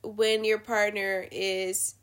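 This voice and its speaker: A woman hosting a show, giving blunt, profane opinions in a casual, animated rant. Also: medium pitch, slow. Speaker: podcast host.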